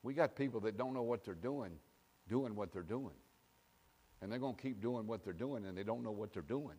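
A man preaching a fiery sermon as pastor of his church, swinging from hushed asides to shouting. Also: lowish voice, normal speed, slightly rough, big-room sound. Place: church sanctuary.

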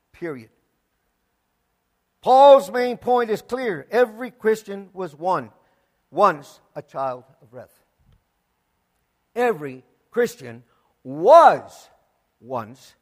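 A man preaching a sermon, emphatic, swinging from loud declarations to hushed asides and repeating words for emphasis. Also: high voice. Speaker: pastor.

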